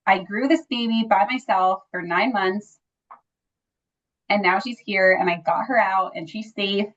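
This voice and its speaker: A woman of medium pitch and measured pace tells a personal story in a relaxed interview, using many fillers including "like" and "you know." She animates quoted dialogue, and the lo-fi recording comes across slightly dull.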